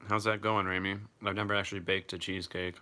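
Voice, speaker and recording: A young man with a low voice and a bright, forceful edge, chatting on a live stream. He answers viewer comments loosely and casually, dropping swear words as he goes. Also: fast talker. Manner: relaxed, chatty, swears freely.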